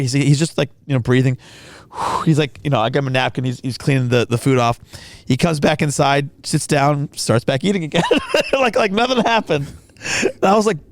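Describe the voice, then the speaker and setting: Podcast guy telling a story all animated, slightly high voice, dry close sound. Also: fairly quick, no room sound. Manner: animated storyteller acting out quotes. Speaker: podcast co-host. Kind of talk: casual chat.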